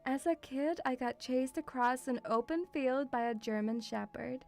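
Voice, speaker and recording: A woman's voice: high-pitched, moderate pace, vocal fry, a little mellow. A young woman from Russia, streaming casually, reading viewer messages and calling the viewer sweetie, with frequent giggles.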